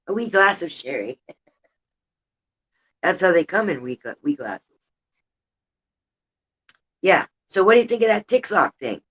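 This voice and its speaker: With a deep, breathy-edged voice and lively intonation, an older woman speaks a little slowly, leaving long pauses, her tone fairly bright and the highs cut off. She hosts a casual, rambling home livestream beside a running heater, sometimes indignant about politics.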